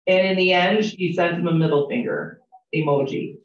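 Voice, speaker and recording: A woman's voice: fairly low pitch, moderate pace, a little hiss or hum. Woman teaching a class from afar. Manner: chatty, candid, asks the class questions. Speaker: real estate trainer. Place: training room with a group. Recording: roomy, distant, dull classroom recording.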